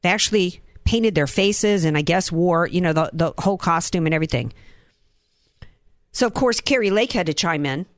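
A woman's voice: lowish voice, lively intonation, moderate pace, no echo, studio quality. A woman from the Southern United States giving a political commentary monologue, indignant and firing off rhetorical questions.

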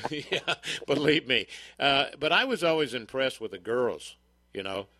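A man's voice: mid-range voice, animated, slow pace, bright, forceful tone, no echo. An older man hosting a radio talk show, chatting in a rambling, folksy way with plenty of fillers.

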